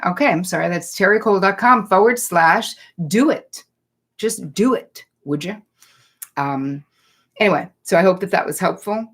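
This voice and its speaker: Chatty woman therapist answering live questions. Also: on the low side. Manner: animated, chatty, reads viewer comments aloud. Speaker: psychotherapist hosting a live Q&A. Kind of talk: live-streamed Q&A, casual and direct.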